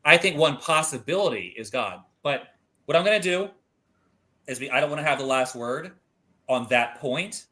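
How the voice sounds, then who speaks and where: A man's voice: on the high side, expressive, normal speed, bright, forceful tone. A man hosting and moderating an online discussion, handing out turns in a loose, informal way. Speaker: debate moderator and host.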